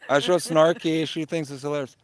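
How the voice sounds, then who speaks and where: A man's voice: on the high side, fairly even intonation, fairly quick. A man co-hosting a casual vlog chat, firing blunt questions and reading viewer comments aloud.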